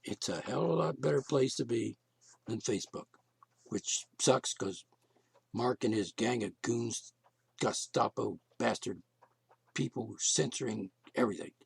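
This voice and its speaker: A man's voice: medium pitch, measured pace, creaky, husky, no room sound. A man hosting his own podcast, talking alone in a blunt, profane, ranting way, and losing his voice. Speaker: podcast host. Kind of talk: casual solo podcast monologue.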